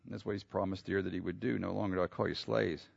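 A man preaching a sermon. He reads scripture aloud, explains it, and builds to loud, emphatic peaks. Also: low-pitched, steady tone, fast talker, vocal fry, slightly rough, no echo. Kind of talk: sermon, expository Bible teaching. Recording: dull lo-fi sound.

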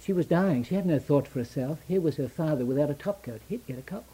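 A man preaching a sermon, asking rhetorical questions and answering them in short, repeated phrases, rising to loud emphasis and then dropping to hushed, slow lines. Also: a little high, expressive, husky, poor audio. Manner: slow deliberate stresses on key phrases.

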